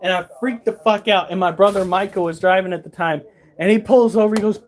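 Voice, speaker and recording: A man casually telling a pet vlog audience an animated story and swearing freely as he goes. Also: sits high, brisk, slight background noise. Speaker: pet keeper and vlogger.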